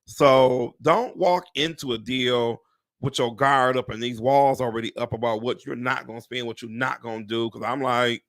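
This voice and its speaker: Casually addressing his live stream viewers as "y'all," this real estate agent is animated, exclamatory, and quick to swear. He has a mid-range voice and a moderate pace.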